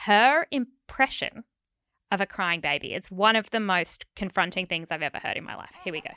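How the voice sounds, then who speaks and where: A woman's voice: mid-range voice, animated, normal speed, a crowd in the background. A woman co-hosting a podcast, reacting wryly and animatedly in casual chat. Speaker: podcast co-host.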